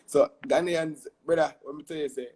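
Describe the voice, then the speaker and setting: Casting note: young Jamaican man, husky tone, animated storytelling guest, peppers talk with tag questions. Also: on the high side, moderate pace. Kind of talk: casual interview chat.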